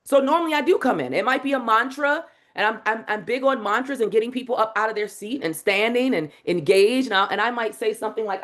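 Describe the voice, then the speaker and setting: A woman teaching a live online masterclass on public speaking, in an energetic, demonstrative way. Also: a little high, quick pace, few pauses. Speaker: speaking coach. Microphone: video call.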